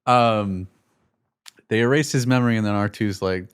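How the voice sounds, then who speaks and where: A man chatting casually as a film reviewer, animated and jokey, slipping into quick impressions of characters. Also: deep voice, smooth. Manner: animated, jokey, slips into quoted character voices. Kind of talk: casual movie review chat.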